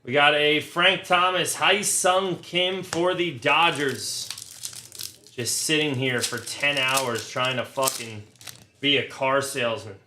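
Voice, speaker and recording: A man's voice: on the high side, fairly even intonation, takes it slowly, sharp tone. A man hosting a casual card break who lists the hits and rants between them in a blunt, profane, sarcastic way. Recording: echoey room, faint noise. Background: crinkling card wrappers, clicks.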